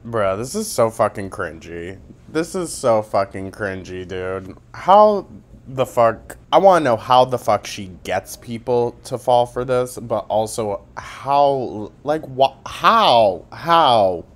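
Slow-talking man with a mocking commentary tone. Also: medium pitch, sing-song. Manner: sarcastic, mocking, profane. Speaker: commentary YouTuber. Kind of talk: commentary vlog.

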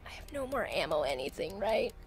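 A woman commentating her own gameplay, excitable and prone to yelping and shouting at the game. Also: medium pitch, fairly quick. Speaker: let's play gamer. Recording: game music loud behind voice. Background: loud game music.

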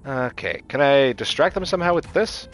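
Over soft background music, a man livestreams gameplay and casually talks with his audience at a moderate pace, his mid-range voice animated. He's chatty, responds to chat, reacts as he plays, and often restarts what he's saying.

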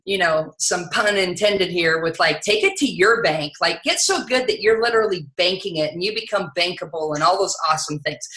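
A woman giving an energetic, conversational sales training talk, often saying "you know". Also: lowish voice, roomy sound, poor audio.

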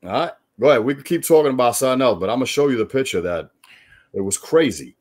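A man from New York, a former baseball player, telling animated, profane stories in casual chat. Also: medium pitch, quick pace. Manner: animated, profane, storytelling with quoted voices.

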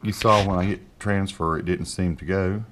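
A man's voice: sits low, steady tone, background noise. A man with a Southern accent hosting a casual tech tutorial at his home desk, speaking into a handheld mic held close, folksy and rambling. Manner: folksy and rambling, dictates slowly and deliberately. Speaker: tech video host. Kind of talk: casual screen-recorded tutorial. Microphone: handheld microphone held close.

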